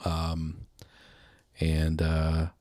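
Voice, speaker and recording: A deep-voiced man hosts his own podcast with no plan, wandering from one thought to the next and poking fun at himself. He sounds a little out of breath. His voice is close and dry, with almost no room sound. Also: completely flat delivery, drawn-out words, mellow, no echo. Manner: rambling, self-mocking, laughs at own jokes. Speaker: podcast host. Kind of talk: unscripted solo chat.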